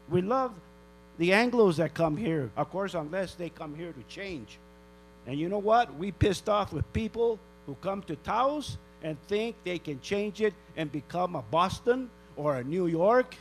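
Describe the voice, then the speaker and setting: A man's voice: high-pitched, animated, a little slow, low-quality recording. An older man from northern New Mexico giving an angry public comment at a town council meeting, scolding and firing off rhetorical questions.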